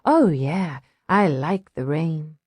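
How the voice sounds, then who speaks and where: A strung-out albino street junkie drifts through her words in a slow, dreamy sing-song, as a woman narrator puts her on. The voice sits fairly low and the audiobook sound is dry and close. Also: lively intonation, a little mellow, no room sound, heavily acted. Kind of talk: audiobook character voice.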